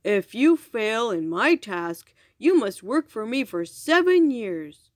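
A woman voicing a boastful male giant in a storybook reading, speaking slowly and mockingly. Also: sing-song, no room sound, studio quality. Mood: gloating. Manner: slow, booming, mocking.

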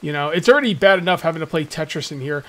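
Chatty high-voiced man ranting over gameplay. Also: expressive, very fast, a bit bright. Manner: chatty, ranting, jokey, slips into mock voices. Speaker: gaming YouTuber. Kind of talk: casual let's-play commentary.

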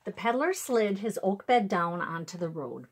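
A woman reading a picture book aloud to children with an expressive, animated delivery. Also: medium pitch, moderate pace, breathy edge. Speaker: storyteller for children. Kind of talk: children's story read-aloud.

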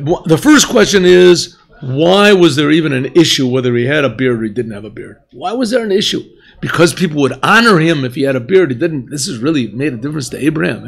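Rabbi teaching a yeshiva class, fairly high gravelly voice, questioning, clears throat. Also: male voice. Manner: questioning, mixes Hebrew phrases, clears throat often.

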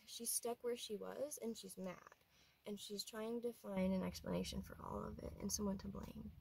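A woman vlogger talking earnestly through a personal story, rambling and often dropping to a quiet voice. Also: mid-range voice, fairly even intonation, moderate pace, gravelly, husky, rough recording.

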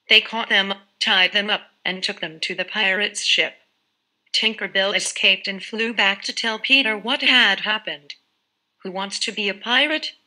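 Bright-voiced woman telling a bedtime story. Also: mid-range voice, low-quality recording. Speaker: narrator. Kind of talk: scripted children's story narration.

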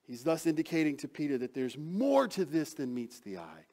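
A man preaching a sermon as pastor, acting out quoted lines with sudden swings from loud to soft. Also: a little high, sing-song, moderate pace.

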